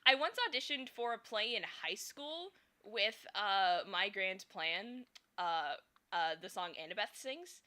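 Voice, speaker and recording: A woman's voice: mid-range voice, expressive, unhurried, bright, forceful tone. A young woman chatting casually and thinking aloud while she draws, giggling often between fillers. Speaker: streamer and fan artist. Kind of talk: casual chat while drawing.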